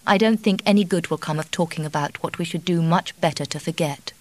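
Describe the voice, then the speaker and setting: A woman reading the part of a reserved, cold male doctor husband, speaking in curt, quiet lines. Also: on the low side, brisk, lightly acted.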